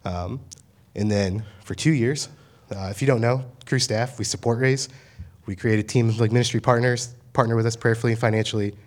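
A man's voice: mid-range voice, steady tone, a little fast. A young man in his twenties on campus ministry staff, giving a casual, conversational sermon full of fillers and paraphrased asides.

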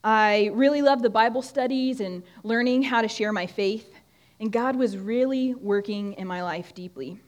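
A woman's voice: fairly high pitch, normal speed. A young woman giving a conversational Bible talk to a group, often restarting her sentences. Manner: conversational, with frequent restarts and fillers. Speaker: student ministry speaker. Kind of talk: sermon-style Bible teaching. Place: room with a group of listeners.

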